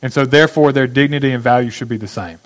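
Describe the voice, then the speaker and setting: A man gives a teaching sermon with a mid-pitched voice. He explains points slowly and often puts questions to his listeners. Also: rough recording. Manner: teaching, asks the audience questions. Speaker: pastor.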